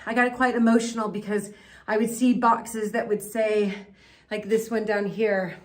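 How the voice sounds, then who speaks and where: An American woman hosting a vlog, talking in an emotional, rambling way while filming in a manor house cellar. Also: mid-range voice. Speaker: vlog host. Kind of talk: casual vlog talk. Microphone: handheld camera she is filming with.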